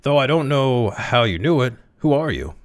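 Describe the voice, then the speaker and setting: A man voicing a brisk, loud, blustering middle-aged male office boss who turns incredulous easily. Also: mid-range voice, very animated, pitched above the performer's own voice. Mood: puzzled.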